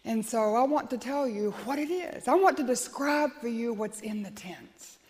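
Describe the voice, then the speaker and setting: Lady preacher, kinda high voice, earnest sermon, long echo like a big church. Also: animated, normal speed, darkish tone. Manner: earnest and emphatic, prayerful.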